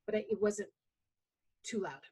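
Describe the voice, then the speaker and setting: A woman coach chatting casually and telling stories, acting out what others said. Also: moderate pace. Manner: animated storyteller, acts out quotes. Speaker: coach guest. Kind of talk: casual conversation.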